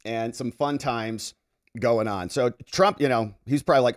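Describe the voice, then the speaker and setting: A man's voice: medium pitch, moderate pace, no room sound, clean studio sound. A man hosting a casual commentary show, chatting and joking as he reacts to clips. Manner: animated, chatty, jokey asides. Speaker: lawyer commentator, host.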